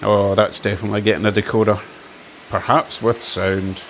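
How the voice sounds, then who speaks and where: His voice is on the low side, with a level tone and moderate pace, and there's slight background noise. He hosts a model railway channel, chatting enthusiastically and mocking himself a little while a model train circles his layout at home.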